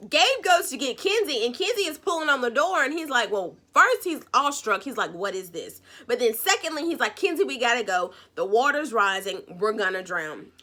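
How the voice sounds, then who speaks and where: A woman giving a casual, animated recap of a TV episode. She talks in a sassy, chatty way and acts out the characters' lines. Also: on the high side, fairly quick, few pauses. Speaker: recap vlogger.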